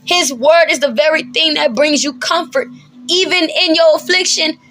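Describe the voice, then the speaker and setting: Teaching scripture with preacherly emphasis, this woman has a high, bright, forceful voice. Her talk is colloquial and punctuated by frequent laughter between points, moving at a moderate pace over faint background music.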